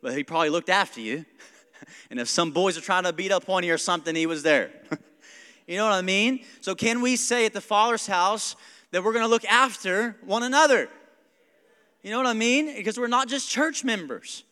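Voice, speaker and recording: A pastor preaching an animated sermon, laughing often and acting out his kids. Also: sits high, brisk, smooth, long reverb tail.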